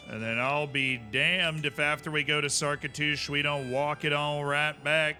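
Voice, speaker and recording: Bright-voiced male game streamer. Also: mid-range voice. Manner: chatty, self-mocking, talks to chat. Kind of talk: livestream gaming commentary. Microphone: headset.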